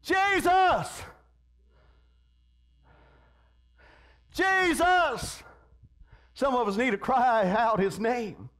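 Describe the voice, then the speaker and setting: A man's voice: high voice, moderate pace. A man preaching a fervent sermon, peppering his lines with amens and repeated call-outs to the congregation. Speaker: pastor.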